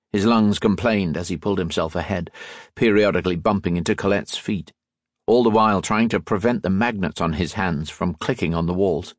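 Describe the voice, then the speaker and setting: A low, husky-voiced man delivers scripted audiobook narration with steady, measured storytelling. The studio sound is clean, without any room sound.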